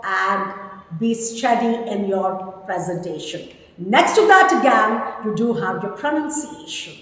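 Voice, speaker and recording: A woman in her fifties gives an English lesson, slow and deliberate, her pitch rising and falling with lively emphasis. She repeats key words for her students, and her voice rings through a room with a long, hall-like echo. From India. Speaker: English teacher. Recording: echoey room with long reverb.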